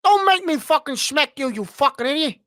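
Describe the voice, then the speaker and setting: A shrill, bullying mob boss barks threats and curses, as a man puts him on. The voice rides high and hard. It carries a dry, close sound. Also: animated, brisk, fairly bright tone, no room sound. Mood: menacing. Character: aggressive high-pitched male mob boss.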